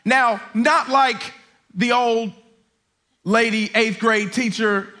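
A man preaching a sermon as a campus pastor on a lapel mic, emphatic, repeating his points and building to shouts. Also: very high voice, steady tone, slow. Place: church auditorium.

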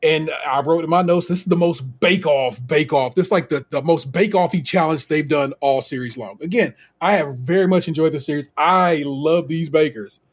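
A man co-hosts a podcast in a casual recap. His voice sits a bit high and has a husky edge. He talks in an animated, slangy way and laughs easily. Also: normal speed, few pauses. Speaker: podcast co-host.

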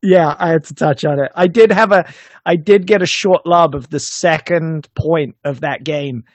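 A man's voice: fairly high pitch, moderate pace, no room sound. A man co-hosting a podcast, telling a story in casual chat and laughing as he goes. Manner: animated, laughs while telling stories. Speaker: podcast co-host.

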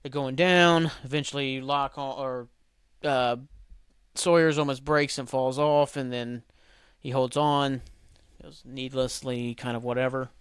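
A man's voice: mid-range voice, steady tone, unhurried, a bit bright, clear, resonant tone, no room sound, studio quality. A man hosting his own podcast, recapping in a loose, rambling way with lots of fillers and swearing. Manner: rambling and profane, heavy on "like" and "um". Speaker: podcast host. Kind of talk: casual solo podcast recap.

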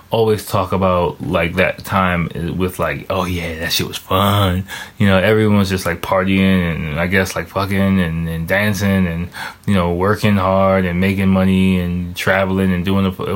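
A man in a casual solo monologue, rambling with heavy swearing and thinking aloud as he searches online. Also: low voice. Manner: stops to search charts online while talking.

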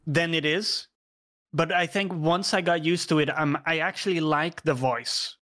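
A man's voice: a little high, fairly even intonation, a little slow, fairly bright tone. A man chatting casually about video games, thoughtful and a little hesitant.

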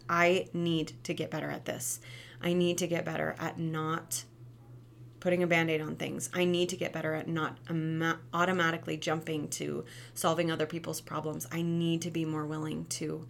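A woman's voice: fairly low pitch, creaky, a little hiss or hum. Chatty woman giving parenting tips. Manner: chatty, animated, many "right?" tags. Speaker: parenting talk host, former teacher. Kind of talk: casual advice talk.

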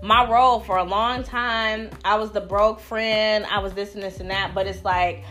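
A young woman talking casually on a podcast about friendships, loud and blunt, swearing freely and acting out what others say. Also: medium pitch, moderate pace, faint music behind. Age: young adult. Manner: loud, blunt, profane, animated storytelling. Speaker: podcast panelist. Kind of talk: casual chat.

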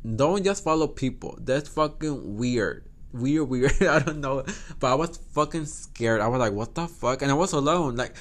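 Animated young man. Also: medium pitch, moderate pace. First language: Spanish. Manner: animated, swears a lot, laughs often. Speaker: podcast host. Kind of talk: casual storytelling.

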